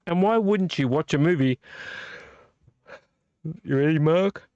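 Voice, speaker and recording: A man's voice: on the high side, measured pace, a little mellow, clear, resonant tone, no room sound, dull audio. A man hosting a late-night live video stream, rambling and teasing a viewer by name while a little tipsy from drinking. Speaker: vlog host.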